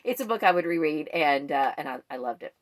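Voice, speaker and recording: A woman's voice: low-pitched, animated, brisk. A woman book vlogger chatting in a rambling way about the books she read this month. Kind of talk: casual book wrap-up chat.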